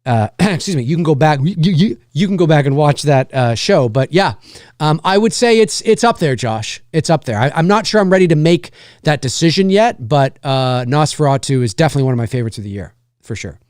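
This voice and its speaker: A livestream host who's also an indie filmmaker talks a little fast, his voice on the high side, a little mellow, with lively intonation. He chats loosely about films and responds to viewers, rambling and correcting himself. The audio is dry and clean, studio quality.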